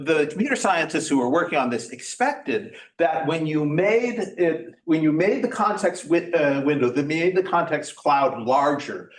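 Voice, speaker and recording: A man giving a workshop talk in an informal lecture style, halting often with fillers and restarts. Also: on the high side. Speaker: workshop presenter. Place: church meeting room. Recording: echoey room, mic at a distance.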